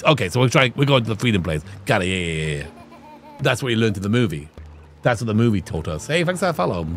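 A man's voice: on the low side, big pitch swings, fast, a bit bright, faint music behind. A man streaming a game, rambling casually with lots of filler words as he picks his moves. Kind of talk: casual gameplay commentary.

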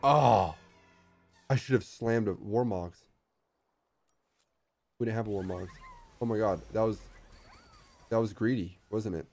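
A man streaming an auto-battler match and commenting live, excitable and swinging from low mutters to shouts. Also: measured pace, pauses often, soft background music.

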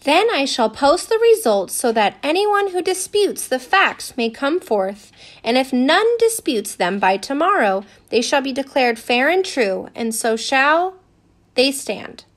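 A woman voicing a weary, patient male census taker who speaks formally and measured. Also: high voice, very animated.

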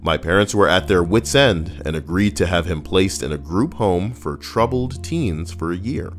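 A man's voice: sits low, expressive, normal speed, faint music behind. A man streaming, chatting casually and joking as he reads viewer comments and a story aloud. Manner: joking and playful.

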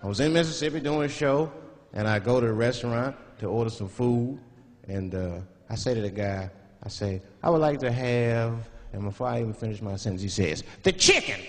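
A man's voice: fairly low pitch, a little fast, darkish tone, a little hiss or hum. A man doing a stand-up comedy set, storytelling loosely and dropping into voices. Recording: live stand-up hall with audience. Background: audience laughter.

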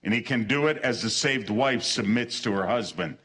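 A husky, fairly low-pitched male voice with a slightly bright edge carries an animated sermon at a moderate pace. The pastor is earnest, leans on repeated short phrases for emphasis, and often trips over and restarts his sentences.

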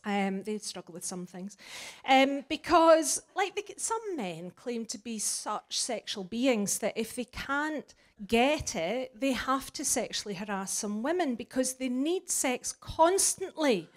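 A woman's voice: on the high side, sing-song, a little slow, few pauses. Brash Scottish woman doing stand-up. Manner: brash, sweary and flippant, with big swings in loudness. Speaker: stand-up comedian. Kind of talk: stand-up comedy set. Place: live venue before an audience.

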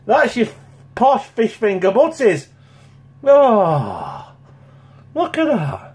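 A chatty man talks straight to camera in his kitchen, blunt and swearing nonstop. His voice sits a touch high and swings up and down a lot. The room around him sounds echoey. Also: wildly swooping pitch, drawn-out words, pauses often, a little mellow. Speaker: home cooking channel host. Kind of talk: casual sweary to-camera chat.

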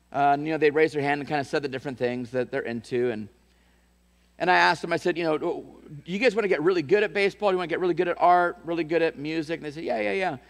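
A man's voice: a little high, in a large hall. A man preaching a sermon as pastor, telling a story with restarts and repeated words, and building to emphatic calls to his church.

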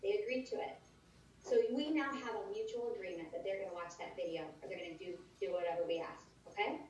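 A woman giving a conversational training talk at a conference, lively and often acting out sample lines. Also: mid-range voice, quick pace, a little hiss or hum. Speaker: sales trainer. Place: large conference room. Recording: roomy echoey hall, distant dull mic.

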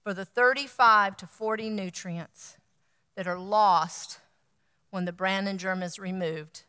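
Middle-aged woman guest speaker, bright and clear, animated storyteller, reverberant hall. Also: medium pitch, measured pace. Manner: animated, acts out quoted dialogue. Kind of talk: storytelling talk to an audience.

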